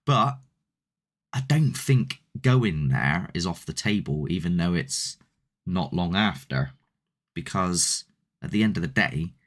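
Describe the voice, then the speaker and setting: A man hosting a paranormal channel, rambling and chatty as he answers viewer comments in a casual live stream. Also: low-pitched.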